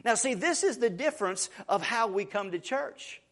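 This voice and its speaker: High-pitched guy preaching a sermon, keeps repeating words, goes quiet then loud. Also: animated, normal speed. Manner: repeats words while building emphasis. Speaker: pastor.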